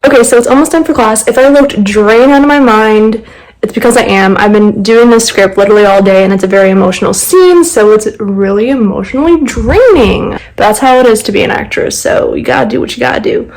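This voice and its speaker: A woman's voice: on the high side, brisk, a little mellow, poor audio. A young woman vlogging casually, chatty and upbeat with lots of fillers. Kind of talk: casual vlog.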